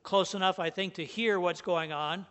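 High-voiced earnest male preacher. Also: steady tone, moderate pace, fairly bright tone, smooth. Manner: earnest, emphatic, stresses key words. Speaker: pastor. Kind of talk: sermon.

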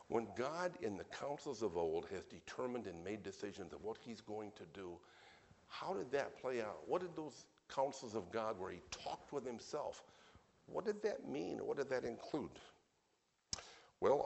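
A man preaching a sermon in an earnest, emphatic way, with plain conversational asides between points that swell suddenly in loudness. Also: lowish voice.

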